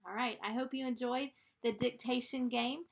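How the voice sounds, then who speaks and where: A woman's voice: on the high side, fairly even intonation, normal speed, creaky. A woman teaching first graders, giving a dictation lesson in a patient, encouraging way and stretching out the sounds of each word. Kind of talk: slow, clear classroom dictation.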